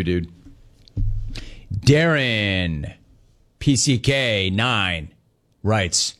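Man, sports talk host, casual chat, joking riffs on viewer comments, mid-pitched voice. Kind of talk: casual chat reading listener messages.

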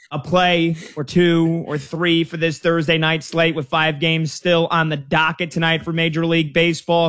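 A man's voice: a little high, a bit bright, no room sound. A man hosting a sports betting radio show, plugging his guest and tossing questions with folksy banter. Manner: upbeat, folksy promos and banter.

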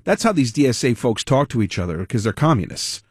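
A man hosting a political talk radio show, giving animated, rambling, sarcastic commentary. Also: mid-range voice, brisk, breathy edge, no room sound, studio quality.

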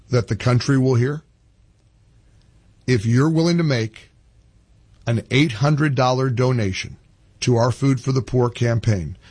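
A man's voice: breathy edge, no echo. An older man hosting a radio talk show, ranting with rising passion and repeating himself. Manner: impassioned, climbs high when ranting, repeats phrases.

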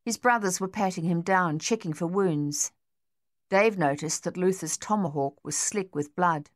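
Woman, audiobook narrator, lowish voice, measured storytelling, dry studio booth. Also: no echo.

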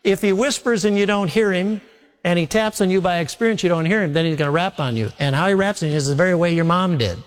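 A male pastor preaches a sermon in a folksy, repetitive style, full of homely stories. His voice sits high and moves at a quick pace. The long reverb of a large hall surrounds him.

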